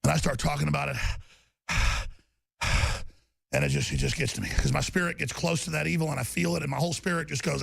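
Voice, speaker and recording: A man hosting a radio talk show, delivering an intense, stammering rant that bursts into shouting. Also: on the high side, a little fast, vocal fry, dry recording.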